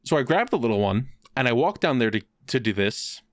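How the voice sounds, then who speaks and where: A young man telling a long anecdote in a casual chat, swearing freely and getting animated when quoting people. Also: medium pitch, fairly quick, no room sound, studio quality.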